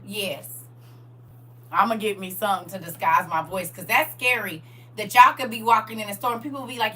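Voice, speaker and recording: Chatting with listeners as she leads a relaxed online Bible study, a middle-aged woman speaks briskly in a raspy, medium-pitched, slightly bright voice. She laughs often and addresses her audience directly.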